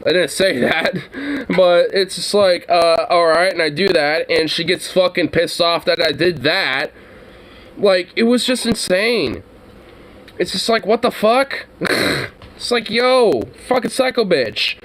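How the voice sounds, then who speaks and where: Young dude streaming, rambly storytime, swears every other word. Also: male voice, high voice, expressive, takes it slowly, a bit bright. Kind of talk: casual storytelling.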